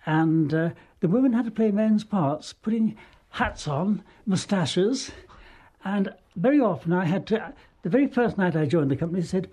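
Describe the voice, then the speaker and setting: A man's voice: high voice, animated, normal speed, mellow, slightly rough. A man recalling his time with a small touring theatre company, in an amused, rambling way. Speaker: retired touring actor. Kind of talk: anecdotal storytelling.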